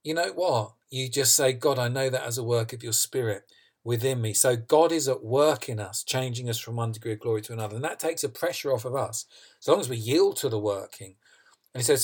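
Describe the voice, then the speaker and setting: A man's voice: mid-range voice, brisk. Earnest male preacher, questions and answers. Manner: earnest, emphatic, asks and answers own questions. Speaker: pastor. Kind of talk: sermon.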